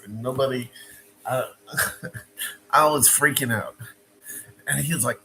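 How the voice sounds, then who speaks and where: A man casually telling a personal story, animated and repeating himself, with frequent stops and restarts. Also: mid-range voice, slow, long pauses, soft background music, poor audio.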